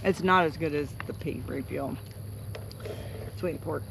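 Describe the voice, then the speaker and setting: Chatty guy w a high gravelly voice, crickets loud all around at night camp. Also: unhurried. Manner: chatty, laughs easily. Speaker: hiker and vlogger. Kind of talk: casual chat at camp. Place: outdoor campsite at night. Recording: crickets and night noise outdoors.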